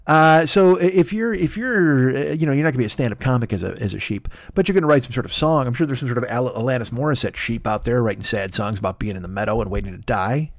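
A man's voice: mid-range voice, fast talker, hardly any pauses, no echo. A man hosting a podcast, retelling a fable as a rambling, profane comic story. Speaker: podcast host.

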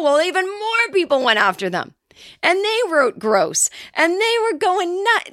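A woman with a high-pitched voice delivers a comedy podcast monologue, sarcastic and profane. She jumps into shrill mocking voices when she quotes people. The sound is close and dry, with no room around it. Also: no room sound. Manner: profane, sarcastic, animated ranting. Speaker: podcast host.

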